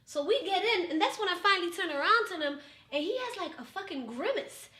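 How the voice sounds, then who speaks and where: A woman tells her story with a high, lively voice that swoops up and down. She swears freely and acts out every line of dialogue, recorded in an echoey room. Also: a little fast. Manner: profane, dramatic, acts out quotes. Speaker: podcast guest. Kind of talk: animated storytelling.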